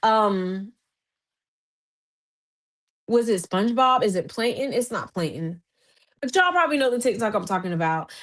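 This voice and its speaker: A woman hosting a podcast, giving a casual recap in an animated, chatty way, full of fillers and restarts, her voice jumping higher when she gets excited. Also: moderate pace. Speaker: podcast host.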